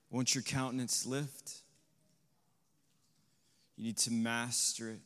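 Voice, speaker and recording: Male preacher, unhurried sermon delivery, smooth resonant tone, surging to loud peaks, long reverb of a hall. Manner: swells to loud, high emphatic peaks; asks the congregation questions, adds "right?". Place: congregation hall.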